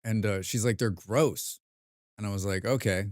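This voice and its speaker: A man's voice: on the low side, normal speed, no room sound, clean studio sound. An American man chatting casually while streaming a game, rambling and swearing with self-mocking asides. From United States.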